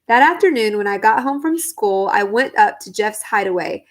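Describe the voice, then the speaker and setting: A woman reading a novel aloud in the first person, in a calm, even storytelling manner. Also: medium pitch, moderate pace, hardly any pauses. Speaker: audiobook reader.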